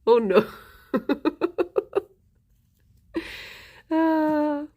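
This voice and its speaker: A young woman streaming, telling a story in a casual, giggly, animated way. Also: high voice, drawn-out words. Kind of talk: casual chat.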